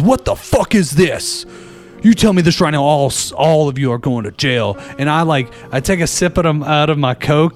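A man calling in to a show, telling a story casually, laughing often and acting out the lines of the people in it. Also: a little high. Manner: animated, laughs often, acts out others' lines. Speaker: caller. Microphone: phone call-in.

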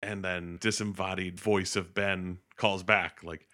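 A man's voice: sits low, measured pace. A man hosting a podcast, animatedly recapping a film with swearing and laughter, slipping in voices. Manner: animated, profane, laughing storyteller. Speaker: podcast host.

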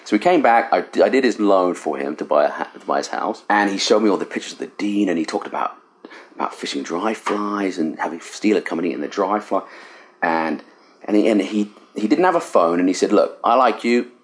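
A middle-aged Englishman with a low voice that rises and falls a great deal. He tells a story in a casual, animated way and laughs at his own mistakes. He is a guest in a riverside cabin. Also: brisk. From England. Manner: animated, self-deprecating storyteller. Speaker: fly casting instructor, guest.

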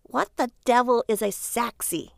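A woman voicing an exasperated, sharp-tongued wife who scolds with sarcasm. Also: on the high side, a little slow, creaky, no room sound, clean studio sound, pitched above the performer's own voice. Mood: scolding.

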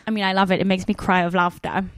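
A young woman hosts a casual podcast chat, blunt and quick to swear while poking fun at herself. Her voice sits in an ordinary middle register. The sound is dry and close, with no room echo. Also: mid-range voice, flat delivery. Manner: blunt and sweary, self-mocking. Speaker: podcast host.

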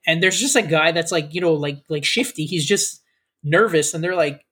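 A man with a high, somewhat husky voice talks in a loose, casual chat. He rambles through a story, stacking fillers and slipping into the voices of the people he describes. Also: moderate pace, fairly bright tone. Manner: rambling storyteller, acts out quoted officers, many fillers.

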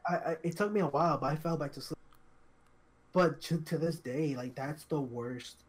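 A young man co-hosting a podcast, telling a story in casual chat, halting and repetitive, full of fillers and restarts. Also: fairly high pitch, slightly rough. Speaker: podcast co-host.

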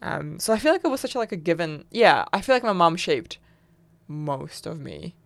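A young woman from Kazakhstan telling her story in a casual interview, chatty, with lots of fillers and lively quoted voices. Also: fairly low pitch, normal speed, no room sound. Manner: chatty storyteller, many fillers, laughs often, animated quoting. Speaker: interview guest.

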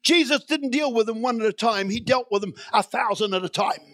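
A man's voice: extremely high pitch, fairly quick, fairly bright tone, no echo. A man preaching a sermon in a church, reading scripture and building to emphatic, repeated declarations.

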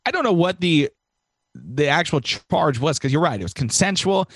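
A man's voice: fairly high pitch, big pitch swings, moderate pace, a bit bright, husky, dry recording. A young man co-hosting a podcast, casually retelling a news story with wry asides. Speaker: podcast co-host. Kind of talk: casual chat.

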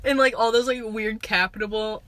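A young woman chats on a casual podcast from a parked car. Her voice is high and bright, and she talks loosely in slang, throwing in dude and oh my God. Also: fairly even intonation, brisk, dry recording. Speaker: podcast co-host. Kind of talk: casual chat.

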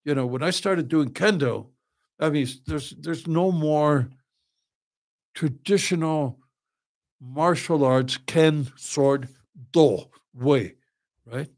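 A man in his seventies, a podcast guest, telling lively stories with lots of laughing and swearing. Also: on the high side, takes it slowly, pauses often. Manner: animated, laughs often, swears freely. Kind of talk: casual storytelling.

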